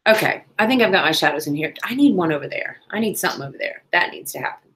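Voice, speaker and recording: A woman's voice: fairly low pitch, expressive, fast talker, fairly bright tone. A woman, chatting casually on a crafting livestream, with playful asides.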